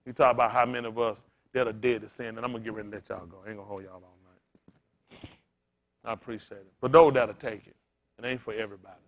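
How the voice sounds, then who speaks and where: A male pastor giving a casual, storytelling sermon, asking his congregation questions and swinging from loud bursts to quiet murmurs. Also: on the low side, fast. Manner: conversational preaching, swings from loud excited peaks to quiet murmurs.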